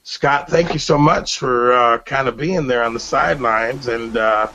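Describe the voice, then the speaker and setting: A man's voice: mid-range voice, a little slow, pushed and bright, slight background noise. A middle-aged man hosting a faith talk show, sharing an emotional personal testimony in an earnest, preacherly way with many restarts. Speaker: radio show host. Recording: dull lo-fi broadcast audio.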